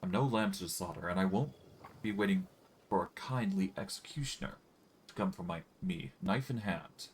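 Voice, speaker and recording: Guy reading a hunted elf woman, defiant, low voice, fantasy game. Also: slight background noise, natural voice. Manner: reading game dialogue aloud, measured.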